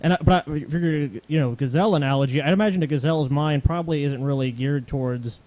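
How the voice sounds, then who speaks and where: A man's voice: a little high, quick pace, darkish tone. A man co-hosting a podcast, joking and chatty in casual talk. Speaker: podcast co-host.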